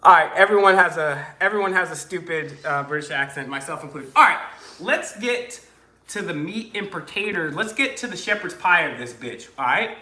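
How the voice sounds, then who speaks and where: A man's voice: on the high side, lively intonation, normal speed, bright, forceful tone, reverberant. A man hosting a casual livestream, joking, rambling and crude as he talks to viewers. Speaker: livestream host.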